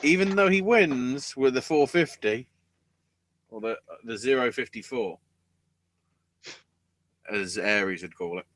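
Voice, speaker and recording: Co-hosting a wrestling podcast, a man recaps matches casually, with sarcasm, free swearing, and bursts of goofy voices. His voice is medium-pitched and fairly bright, and he speaks at a measured pace with frequent pauses.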